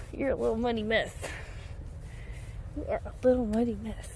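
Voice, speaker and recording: A young woman filming a casual barn vlog outdoors. She swears freely and coos at the animals in a high, sing-song voice. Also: steady tone, fairly quick, long pauses, mellow, a little hiss or hum. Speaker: vlogger.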